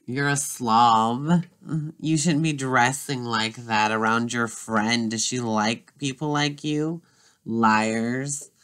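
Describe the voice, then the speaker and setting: A bitter middle-aged mother who has been drinking again, as a doll-drama performer puts her on. She speaks slowly and harshly and hurls accusations at her daughter. Her pace drags. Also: mid-range voice, steady tone, fairly bright tone, smooth. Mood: scornful. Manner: harsh, accusing, slow and cutting.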